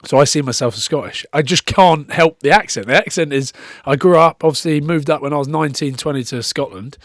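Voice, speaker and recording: A man's voice: on the high side, brisk, no room sound, clean studio sound. A man in his thirties with an English accent, a podcast guest telling stories casually with some swearing. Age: 30s. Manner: swearing, animated storytelling.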